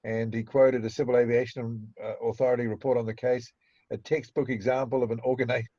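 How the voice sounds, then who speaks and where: A man's voice: mid-range voice, little pitch movement, brisk, mellow, dry recording, muffled recording. A man with a New Zealand accent, co-hosting a podcast, rambling through anecdotes with restarts and chuckles. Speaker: podcast co-host. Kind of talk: casual chat. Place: home studio in Auckland.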